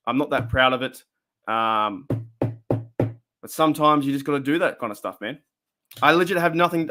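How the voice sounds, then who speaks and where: Man, Australian accent, slightly high voice, casual livestream host, rambling, chatty. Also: a bit bright. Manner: chatty, rambling, reads out chat comments. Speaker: fan show host.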